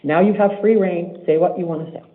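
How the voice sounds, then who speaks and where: Brief: higher-pitched male judge, stern and deliberate, formal courtroom delivery, phone-thin audio. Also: narrow, tinny audio, slight background noise.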